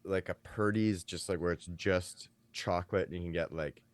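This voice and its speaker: A man with a very deep voice co-hosting a podcast, recorded close and dry. He speaks bluntly, teasing the others and swearing freely. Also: steady tone, normal speed, no room sound. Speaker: podcast co-host. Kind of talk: casual chat.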